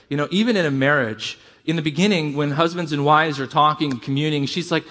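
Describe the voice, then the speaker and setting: A middle-aged man delivers a sermon in a fairly high voice. He preaches conversationally, with rising emphasis and quick asides. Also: fairly bright tone. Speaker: pastor.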